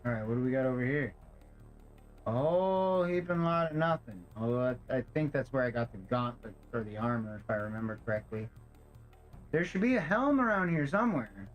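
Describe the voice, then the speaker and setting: A man's voice: mid-range voice, expressive, moderate pace, dull audio. A male streamer giving casual gameplay commentary, swearing a lot and ranting in exasperation while overheated in a hot apartment. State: overheated in a stuffy room. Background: faint game music.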